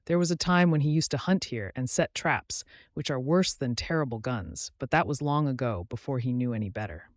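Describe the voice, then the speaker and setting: A man's voice: medium pitch, a little fast, few pauses, dry recording, studio quality, lightly acted. A man voicing a confident, somewhat testy male muskrat who speaks with assurance.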